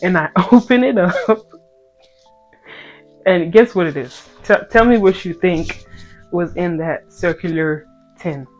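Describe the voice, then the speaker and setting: A speaker in their twenties telling a casual story and then a Bible talk to viewers, animated and playful, swinging between loud outbursts and hushed asides. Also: mid-range voice, takes it slowly, long pauses. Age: 20s. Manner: playful slangy banter with viewers. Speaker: content creator. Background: faint background music.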